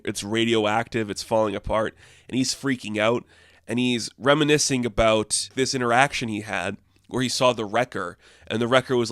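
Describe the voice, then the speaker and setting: A man talks through a comic book issue in a loose, rambling way, leaning on "like" and "I guess" as he goes. His voice sits at an ordinary middle pitch. The sound is dry and close, with no room echo. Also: a bit bright. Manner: rambling, heavy use of "like" and "I guess". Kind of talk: casual spoken review.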